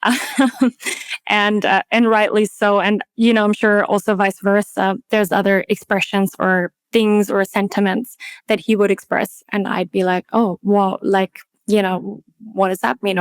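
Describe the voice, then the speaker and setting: Austrian woman, smooth clear voice. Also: medium pitch, no echo. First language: German. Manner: reflective, talks in long hedged sentences with many "um" and "like". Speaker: podcast guest, linguist. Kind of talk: casual interview chat.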